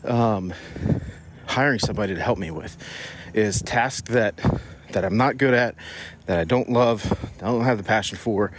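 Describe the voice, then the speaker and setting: Podcast host, male, low-ish voice, slightly winded from walking outside, casual and rambling, faint outdoor hum behind. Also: moderate pace. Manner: conversational, rambling with restarts. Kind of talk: casual business podcast monologue. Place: outdoors on a morning walk.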